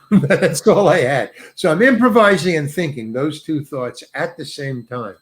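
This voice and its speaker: Older guy, slightly high voice, spinning an animated self-mocking story, acts out everyone in it. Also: measured pace. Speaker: actor, interview guest. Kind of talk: storytelling in an interview.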